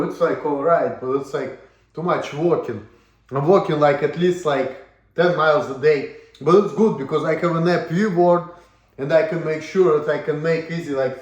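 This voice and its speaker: A man whose first language is Russian delivers a blunt, profane vlog rant with a high-pitched voice. He circles back over his points and keeps asking "you see?". The recording carries a roomy echo. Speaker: vlogger. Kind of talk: ranting vlog monologue.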